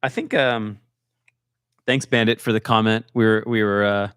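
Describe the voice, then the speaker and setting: A man's voice: lowish voice, fairly even intonation, moderate pace, fairly bright tone, clear, resonant tone, no echo, studio quality. A man co-hosting a casual live-streamed podcast, thanking the chat and making wry remarks. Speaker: podcast co-host.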